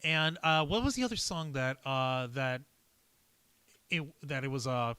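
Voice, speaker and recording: A man hosting a casual livestream, talking in a loose, energetic way and swearing freely. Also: medium pitch, unhurried, smooth, no echo. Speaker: host.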